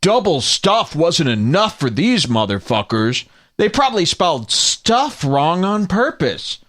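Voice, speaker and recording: A crude, dismissive grown man scoffs his lines a little higher than usual, as a podcast host puts him on. The tone is bright and jumpy. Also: big pitch swings, unhurried. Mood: mocking.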